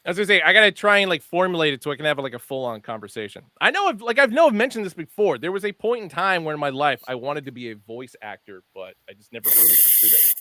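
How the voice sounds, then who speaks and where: A man's voice: a little high, animated, fast, bright, forceful tone, no echo. A man co-hosting a casual podcast, reading off product details with lots of fillers. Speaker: podcast co-host presenting hat releases.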